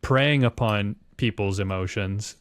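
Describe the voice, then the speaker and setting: A man's voice: fairly low pitch, unhurried, no room sound. A man hosting a podcast, talking reflectively in long musing runs. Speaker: podcast host. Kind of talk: casual chat.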